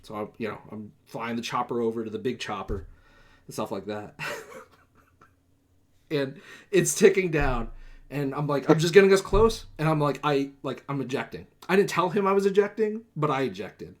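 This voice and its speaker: A man's voice: mid-range voice, animated, normal speed. A young man hosting a podcast, telling a long rambling gaming story in casual chat, full of fillers and swearing, acting out quoted lines in a livelier voice. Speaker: podcast host.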